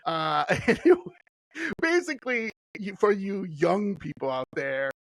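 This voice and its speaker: A man's voice: sits high, huge pitch swings, a little slow, a bit bright, no room sound, low-quality recording. A middle-aged man as a podcast guest, chatting casually in a rambling, enthusiastic way with lots of fillers. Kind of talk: casual chat.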